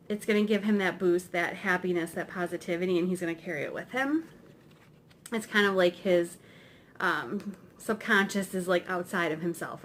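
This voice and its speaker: A woman tarot reader with a medium-pitched, slightly bright voice explains the cards in a casual lesson, with slight background noise. She's chatty and rambling, often tacking "right?" onto her sentences.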